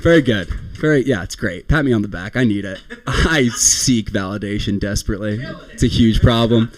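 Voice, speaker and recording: A man's voice: lowish voice, moderate pace, a crowd in the background. A young man performing a rambling, self-deprecating stand-up comedy set, often laughing at his own jokes.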